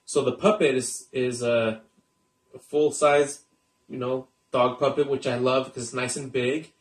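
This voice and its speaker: A man's voice: medium pitch, steady tone, unhurried. A male magician chatting casually and showing his gear, rambling with lots of fillers. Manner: rambling, with many fillers and restarts. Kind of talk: casual show-and-tell talk. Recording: echoey room.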